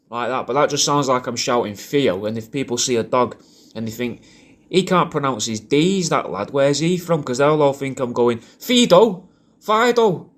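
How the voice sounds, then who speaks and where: A man rambles through a casual video message, swearing freely and restarting his sentences. His voice sits at a middling pitch. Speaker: comedian recording a personalised video message.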